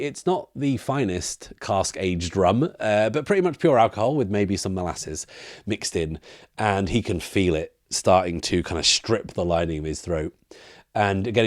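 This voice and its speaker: Host narrating a solo tabletop game, thinks aloud as he goes; very deep voice, dry close recording. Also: no echo. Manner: thinks aloud, with fillers and restarts.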